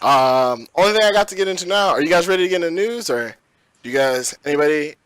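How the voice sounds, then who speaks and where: A man's voice: fairly high pitch, expressive, fast talker, fairly bright tone, clear, resonant tone, no echo, poor audio. A young man hosting a casual gaming podcast, telling stories in a loose, joking, slangy way. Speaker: podcast host.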